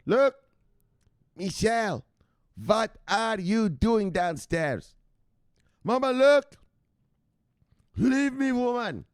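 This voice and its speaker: A man putting on a shrill, shouting crypto fanatic. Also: lively intonation, drawn-out words, pauses often, clean tone, dry recording, studio quality, exaggerated voice. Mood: hyped shouting. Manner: shouting, hyped, repeating "look, look". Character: excitable crypto-obsessed man shouting at his mama.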